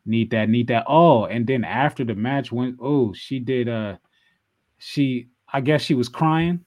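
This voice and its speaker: A man's voice: mid-range voice, measured pace, a little mellow, dry recording. A young man co-hosting a wrestling podcast in casual, playful chat, repeating himself as he talks. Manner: laid-back, repeats himself, playful teasing. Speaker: podcast co-host.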